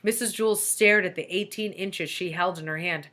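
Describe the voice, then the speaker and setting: A woman reading a children's book aloud with lively storytelling. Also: fairly low pitch, moderate pace, hardly any pauses. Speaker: reader.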